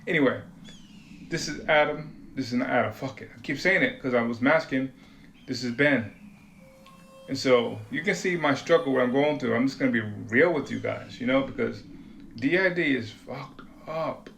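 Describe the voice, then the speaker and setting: A man's voice: medium pitch, brisk, gravelly, a bit bright, a little hiss or hum. A man from Rhode Island, rambling in a blunt, profane, confessional monologue to camera. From Rhode Island, USA. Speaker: vlogger.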